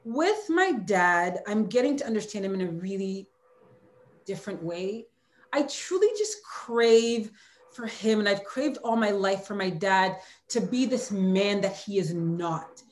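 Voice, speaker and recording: A woman's voice: medium pitch, animated, a little slow. Woman, 40s, interview guest; candid, heartfelt, close to tears at moments; roomy echo. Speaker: author and former hurdler, guest. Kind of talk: emotional interview conversation.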